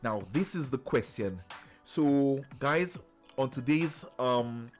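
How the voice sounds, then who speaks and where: A man's voice: mid-range voice, slow pace, faint music behind. A man hosting a reaction video, chatting casually and affirming often as he watches. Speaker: reaction channel host.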